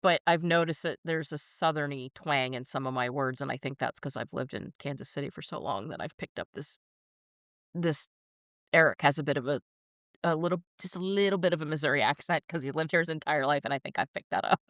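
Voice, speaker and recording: A woman in her fifties with a slight New Jersey accent chats on a podcast, blunt, laughing often and swearing freely. Her voice is smooth and clear, recorded dry and close with no room sound. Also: sits low, fairly quick, fairly bright tone, no echo. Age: 50s. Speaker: podcast co-host. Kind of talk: casual chat.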